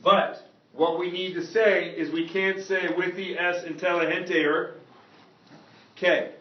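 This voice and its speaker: Here a man with a high voice takes his time explaining Spanish grammar to a classroom, often stopping to ask whether students follow. He comes across as lively. The sound is dull and echoey, recorded from far away.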